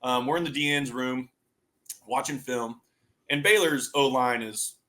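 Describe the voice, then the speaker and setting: A man in his thirties, a former college football player, telling loose, profane, animated stories in a casual interview and laughing along. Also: mid-range voice, measured pace.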